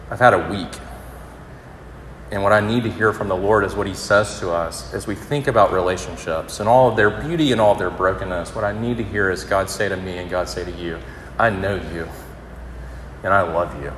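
A man preaching a conversational sermon to college students, building to emphatic peaks and dropping to soft, tender passages. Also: deep voice, fairly quick, a little hiss or hum. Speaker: campus minister. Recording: roomy hall with long reverb.

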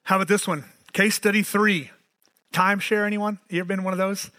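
A man, preaching a sermon as pastor, animated and storytelling with self-mocking asides. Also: high-pitched, a little fast, no room sound.

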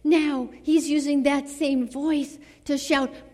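A woman preaching a sermon to a church. She delivers it dramatically, dropping to soft near-whispers and then rising to fervent exclamations. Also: high voice, little pitch movement, slow. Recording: long reverb of a large hall.

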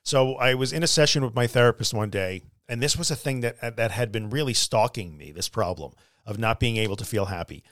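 A man's voice: mid-range voice, fairly quick, a bit bright, dry recording, studio quality. A middle-aged man hosting a podcast, telling a personal story in an earnest, conversational way and acting out quoted dialogue. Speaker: podcast host.

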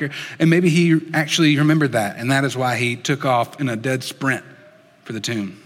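Earnest male preacher in a reverberant hall. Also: mid-range voice. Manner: earnest, dropping soft and slow for emphasis. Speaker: pastor. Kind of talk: sermon.

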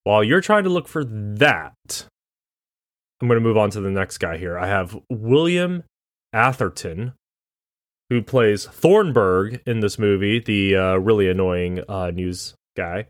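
A man's voice: fairly low pitch, expressive, measured pace, no echo, clean studio sound. A man co-hosting a podcast, casual and playful, teasing and sounding words out. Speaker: podcast co-host. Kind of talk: casual chat.

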